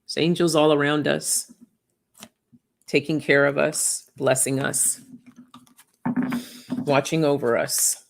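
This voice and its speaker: A woman giving a live oracle card reading in a gentle, emotional, reflective way, often laughing softly. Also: low-pitched, level tone, slow pace, creaky, long pauses.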